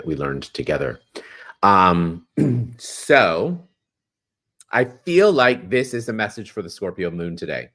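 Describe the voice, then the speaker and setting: A man hosting a spiritual astrology talk, repeating phrases like a mantra and slowing to a soft pace when he guides the breathing. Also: a bass voice. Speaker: astrology host.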